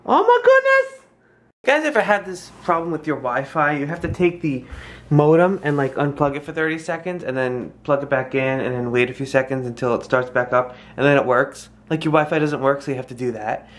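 A woman's voice: a bass voice, brisk. A young woman casually vlogging to her viewers, chatting directly to them and slipping into playful baby talk with her toddler. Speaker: family vlogger. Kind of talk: casual vlog chat to camera.

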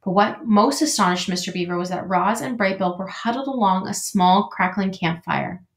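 A woman teacher reading a storybook aloud to her class with clear, steady storytelling, in an echoey room. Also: medium pitch, moderate pace.

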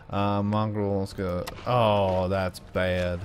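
Joking low-voiced gaming host. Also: male voice, lively intonation, moderate pace, a little mellow, slight background noise. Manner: joking, teasing banter with the game. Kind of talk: let's play commentary.

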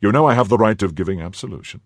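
An imperious older cardinal who fires clipped, commanding questions, as a male narrator puts him on. The voice sits higher and louder than the reader's own, with a husky edge, recorded close and dry. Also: animated, rapid-fire, no echo.

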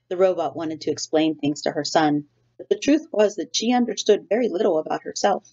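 A woman teacher reading a children's novel aloud to her class in a steady storytelling way. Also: low voice, fairly quick. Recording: dull lo-fi recording.

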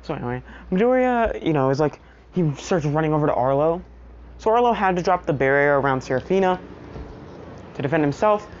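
Casting: low-voiced woman narrating a fan story, loose and rambling, muffled home recording with noise. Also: expressive, fairly quick, darkish tone. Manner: rambling, filler-heavy with constant "you know". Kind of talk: casual story recap vlog. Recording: muffled lo-fi audio with household noise.

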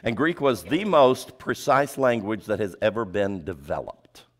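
A man's voice: animated, a little slow. A man preaching with rhetorical questions. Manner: emphatic, asks the audience rhetorical questions; drops pitch and volume for emphasis. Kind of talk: sermon.

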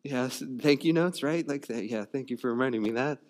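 A pastor preaches a sermon in a loose, conversational way, often repeating words as he searches for phrasing and saying "you know" and "like." His voice is medium-pitched and darkish, with a fairly quick pace.

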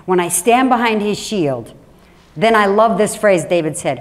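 Woman pastor, mid pitch, emphatic preaching that swings from loud stress to quiet, low asides. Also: big pitch swings, a little slow. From Washington State. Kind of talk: sermon. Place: church.

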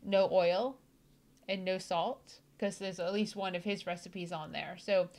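A woman's voice: lowish voice, unhurried, a little mellow. A woman hosting a casual chat, bubbly and enthusiastic and laughing often between thoughts. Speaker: host.

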